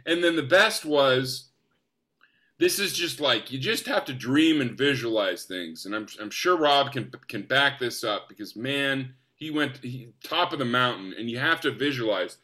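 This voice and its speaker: A young man from the United States, an actor guest, telling stories in an enthusiastic, animated way. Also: medium pitch, unhurried. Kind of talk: casual storytelling.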